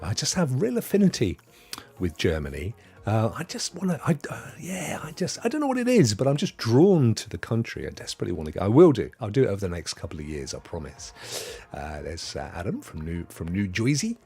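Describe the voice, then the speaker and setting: A British man in his fifties hosts a casual live stream, chatting easily and chuckling as he greets viewers by name. His voice is slightly husky, and his pitch rises and falls a lot as he talks. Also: wildly swooping pitch, fairly quick, mellow. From United Kingdom.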